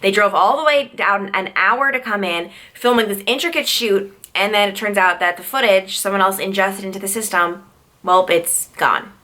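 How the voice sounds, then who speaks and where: Brief: young woman vlogger, bright, forceful tone, chatty and tired, lots of "like.". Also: mid-range voice, normal speed. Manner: chatty, peppered with "like" fillers. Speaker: vlogger and news reporter. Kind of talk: casual vlog chat.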